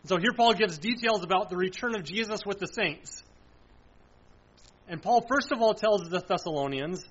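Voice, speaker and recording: A man's voice: high-pitched, moderate pace, slightly rough. A man preaching verse by verse, explaining scripture, asking questions and answering them himself, with firm emphasis. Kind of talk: verse-by-verse Bible teaching. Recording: dull lo-fi sound.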